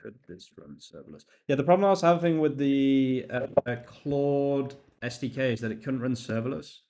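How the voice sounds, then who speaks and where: A man's voice: medium pitch, fairly even intonation, moderate pace, warm tone. A young man chatting casually on a live stream while coding, reading chat aloud, laughing and swearing now and then. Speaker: livestream host.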